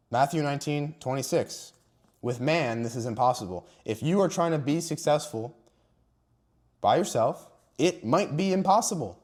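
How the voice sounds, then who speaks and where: A young Christian motivational vlogger with a medium-pitched, slightly mellow voice speaks earnestly and emphatically about faith to camera. He stresses and stretches key words and at times sounds emotional.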